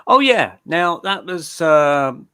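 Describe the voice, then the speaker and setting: A man's voice: a little high, big pitch swings, slow, pushed and bright, clear, resonant tone. A man, a guest medium, chatting in a live interview, telling stories loosely and often repeating words as he starts a sentence. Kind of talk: casual storytelling in a live interview.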